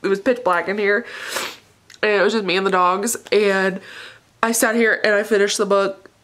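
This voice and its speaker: Young woman vlogger, bright tone, gushing and tearful, casual chat at home. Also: mid-range voice, fairly even intonation, moderate pace. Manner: gushing, emotional, laughs often. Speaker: book vlogger. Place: dark living room at home.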